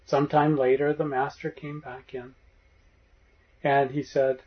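A man giving a meditation talk as a spiritual teacher, telling a parable in a gentle storytelling manner and acting out the voices in it. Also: mid-range voice, level tone, slow pace. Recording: dull lo-fi recording.

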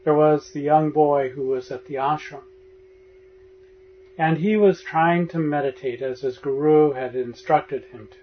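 A man with a fairly high voice gives a meditation talk and tells a parable gently, lending the people in the tale their own voices. The recording sounds dull and lo-fi. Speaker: spiritual teacher.

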